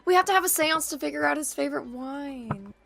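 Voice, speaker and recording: A woman playing a tabletop game, excitable and teasing in casual chat. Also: high-pitched, a little fast, vocal fry. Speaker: player.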